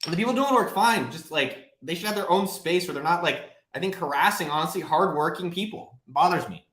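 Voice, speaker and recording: A man's voice: on the high side, fairly quick. Profane, rambling man on a live stream. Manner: profane, blunt, rambling and animated. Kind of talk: casual livestream Q&A. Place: home office, livestreaming. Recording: roomy echo.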